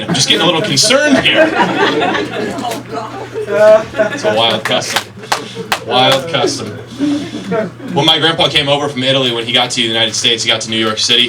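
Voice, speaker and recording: A man doing a chatty, self-deprecating stand-up comedy set, telling stories on a club stage. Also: mid-range voice. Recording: stage mic from a distance, crowd laughter.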